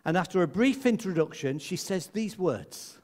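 Man, preacher, conversational Christmas sermon, jokey, slightly raised pitch. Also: lively intonation, moderate pace, darkish tone. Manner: conversational, jokey, laughs often.

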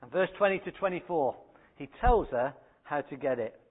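A man's voice: a little high, lively intonation, normal speed. A man in his thirties preaching a sermon in a conversational, anecdotal way. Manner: anecdotal and conversational, with acted quotes. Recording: phone-like narrow band.

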